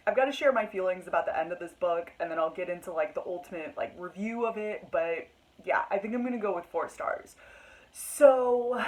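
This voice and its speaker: A woman's voice: medium pitch, low-quality recording. Young woman, book vlogger, casual chat, dramatic and gushing, lots of fillers. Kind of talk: casual reading vlog chat.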